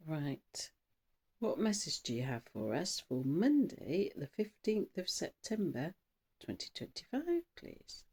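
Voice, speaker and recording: A woman's voice: low-pitched, sing-song, slow, mellow, slightly rough. Chatty, rambling woman tarot reader. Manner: chatty and rambling, trails off and restarts; buzzy from coffee, bursts of speed. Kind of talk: casual tarot reading.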